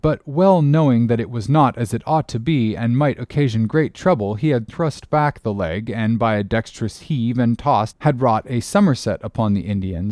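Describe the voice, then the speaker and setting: A man narrating an audiobook in a steady, expressive reading voice. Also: medium pitch, no room sound, clean studio sound. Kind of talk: scripted narration.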